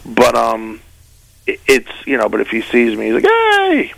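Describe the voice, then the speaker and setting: A man's voice: lowish voice, level tone, normal speed, creaky, fairly bright tone, dry recording, poor audio. A man who is a guest comedian, telling casual stories and slipping into voices for the people he quotes. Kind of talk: casual storytelling.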